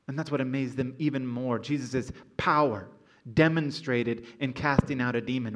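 A man's voice: medium pitch, moderate pace. A man preaching a sermon as pastor in a church auditorium, earnest and emphatic. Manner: earnest, building to emphatic exhortation.

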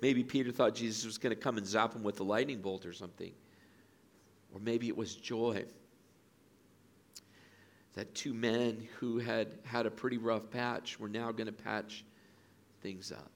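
Animated male pastor preaching. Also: fairly low pitch, a little slow, pauses often. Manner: animated storytelling, acts out quoted voices. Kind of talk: sermon. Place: auditorium.

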